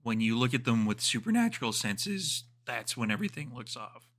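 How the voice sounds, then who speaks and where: A man's voice: mid-range voice, sing-song, moderate pace, a bit bright. A man narrating as storyteller of a tabletop role-playing game, describing scenes loosely with many fillers.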